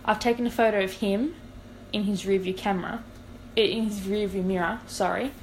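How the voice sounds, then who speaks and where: A woman's voice: medium pitch, fairly quick, slight background noise, poor audio. A young woman, a podcast co-host telling a long story in casual chat and acting out what people said. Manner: animated, acts out quoted dialogue.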